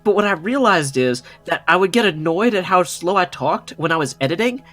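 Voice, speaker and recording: A man co-hosts a livestream in quick, enthusiastic casual chat. His voice sits a little above the usual male pitch. Faint music plays in the background. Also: animated, a bit bright. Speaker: co-host on a livestream.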